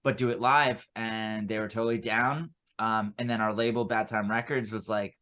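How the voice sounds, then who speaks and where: A man around thirty, from Lancaster, telling stories about his band in a relaxed, casual way as an interview guest. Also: fairly low pitch, normal speed. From Lancaster, Pennsylvania. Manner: laid-back storytelling, casual swearing.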